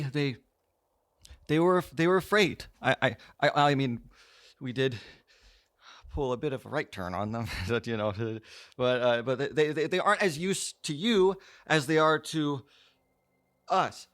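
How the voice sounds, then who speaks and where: A man's voice: mid-range voice, measured pace, long pauses, fairly bright tone, pitched above the performer's own voice, natural voice. A man voicing a nervous male anxiety emotion, stammering and hesitating throughout.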